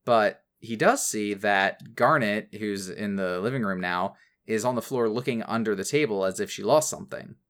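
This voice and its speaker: A man co-hosting a casual chat, narrating cartoon plot points in a measured way and laughing often. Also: on the low side, a bit bright. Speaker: podcast co-host.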